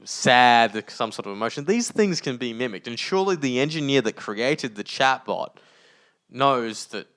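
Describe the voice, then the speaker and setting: A man co-hosting a podcast in casual chat, animated and joking, in a large open room. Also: mid-range voice, moderate pace. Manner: animated, joking, often laughing. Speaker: podcast co-host.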